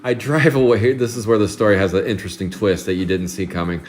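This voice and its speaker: A man's voice: lowish voice, steady tone, fast talker. A man in his forties from Oregon, chatting casually on a live card break stream, telling rambling stories with frequent chuckles. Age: 40s. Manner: rambling storyteller, chuckles often.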